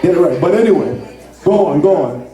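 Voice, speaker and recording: An event promoter jokes with the crowd while running a ticket giveaway in a large indoor venue. His voice is a little high, warm and lively, moving briskly, recorded from a distance in an echoey hall.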